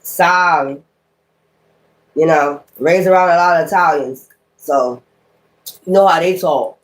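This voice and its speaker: A woman's voice: sits low, measured pace, a little hiss or hum. A woman tarot reader talking straight to her viewers in a blunt, heated rant full of cursing. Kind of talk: casual profane rant to viewers.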